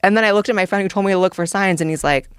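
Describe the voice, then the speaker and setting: A man appearing as a guest on a podcast, earnestly recounting a story and voicing the lines of the people in it. His voice sits a little higher than most men's. It is close-miked and dry, with no room sound. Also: very fast, fairly bright tone, smooth, dry recording. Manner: earnest, chatty, quotes people in dialogue. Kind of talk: casual chat, storytelling.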